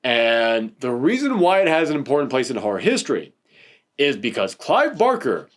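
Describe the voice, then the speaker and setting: A man's voice: medium pitch, wildly swooping pitch, moderate pace. A man hosting a casual film review chat, rambling and laughing often while sitting on a couch. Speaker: podcast host reviewing films.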